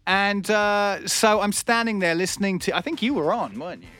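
A man's voice: high-pitched, animated, moderate pace, pushed and bright, soft background music. A man who does stand-up, hosting a radio show and telling rambling anecdotes, laughing and acting out other people's lines. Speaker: comedian and radio host. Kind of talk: casual radio storytelling. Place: radio studio.

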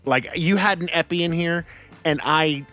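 An American man hosts a radio show from a studio, speaking into a studio microphone in a casual, animated way with plenty of laughs and restarts. His voice sits on the high side, bright and forceful, at a moderate pace over soft background music.

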